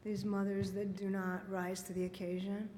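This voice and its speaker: Lively woman author chiming in. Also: moderate pace. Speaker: author guest. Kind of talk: conversational chat. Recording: reverberant hall with faint rumble.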